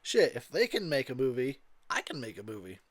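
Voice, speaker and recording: A man's voice: medium pitch, huge pitch swings, brisk, slightly rough, dry recording. A tipsy man giving rambling, crude commentary over a movie, laughing often. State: tipsy from drinking. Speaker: commentary host.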